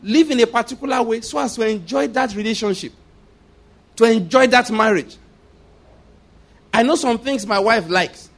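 High-pitched guy preaching, emphatic, keeps repeating himself, middle-aged pastor. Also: normal speed, long pauses, a bit bright. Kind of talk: sermon.

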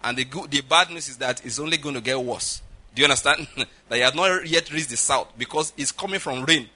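A man's voice: medium pitch, a little fast, sharp tone. A middle-aged man preaching a sermon as pastor, emphatic and often checking with his listeners. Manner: emphatic, repeats "all right?" and "do you understand?" to the audience.

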